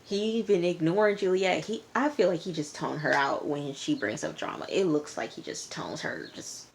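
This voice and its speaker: A woman's voice: sits low, normal speed, vocal fry, slight background noise. A woman casually recapping a reality TV episode in a chatty, slangy, exasperated way. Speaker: TV show reviewer.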